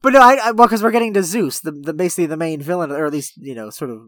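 A podcast co-host in casual chat, retelling film scenes in an animated way, with lots of "like". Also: mid-range voice, racing, no room sound, studio quality. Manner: animated storytelling, heavy use of "like".

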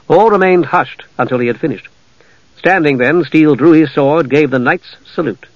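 A man narrating a fantasy audiobook in a measured, even storytelling voice. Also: fairly high pitch, no echo. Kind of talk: scripted narration. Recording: dull lo-fi dry audio.

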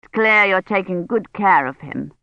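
A narrator voicing a brisk, indignant middle-aged woman doctor with a crisp, disapproving manner, in an audiobook. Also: mid-range voice, animated, lo-fi sound. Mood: polite.

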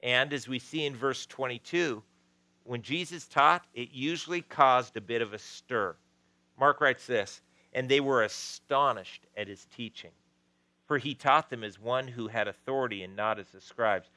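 A man's voice: mid-range voice, moderate pace, pushed and bright, dry recording. A man preaching a sermon as pastor, conversational, with frequent restarts and asides.

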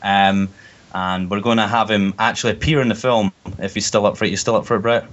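A man's voice: fairly low pitch, steady tone, fast talker, fairly bright tone. A young man co-hosting a casual podcast, rambling and joking with frequent restarts. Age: young adult. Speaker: podcast co-host, fan filmmaker. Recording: dull lo-fi sound.

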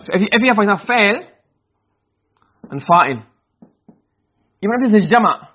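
A male teacher giving a classroom lecture on grammar, explaining and then checking understanding with quick questions. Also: sits high, lively intonation, lo-fi sound.

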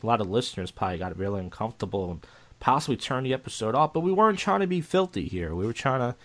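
A young man co-hosting a podcast in casual chat, rambling and halting with many restarts and fillers. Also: medium pitch, sing-song, a bit bright. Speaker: podcast co-host.

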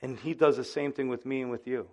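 A male pastor preaching a sermon in an animated, conversational way, often speaking straight to his listeners. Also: medium pitch, quick pace.

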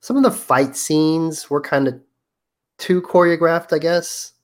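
A man's voice: fairly high pitch, measured pace. Easygoing man co-hosting a movie podcast. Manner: relaxed, reads from notes with fillers. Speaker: podcast co-host. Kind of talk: casual chat.

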